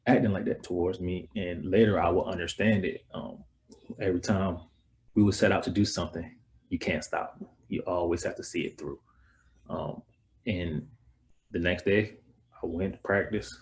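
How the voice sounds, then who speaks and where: A young man and former college basketball player, telling a personal story in a relaxed, rambling way. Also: deep voice, a little hiss or hum, rough recording. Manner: relaxed, rambling, repeats words. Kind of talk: casual storytelling talk.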